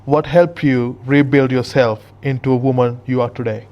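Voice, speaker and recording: A man hosts the interview, his earnest questions full of pauses and restarts. His voice sits mid-range, and the audio sounds a little dull and lo-fi. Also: mid-range voice, fairly even intonation. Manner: hesitant, many fillers and restarts, earnest. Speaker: podcast host. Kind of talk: casual interview.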